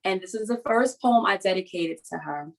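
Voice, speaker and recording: A woman speaks over a video call in a middle-pitched voice, earnest and halting as she shares something personal. She is a writer hosting a support session, and her telling is confessional and unhurried. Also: creaky, low-quality recording.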